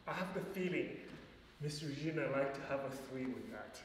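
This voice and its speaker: A man's voice: mid-range voice, animated, normal speed. A man teaching a ballet class, calling out steps and counts, chatty and encouraging, with short laughs between counts. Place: large ballet studio. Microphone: distant room mic. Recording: echoey studio from far off.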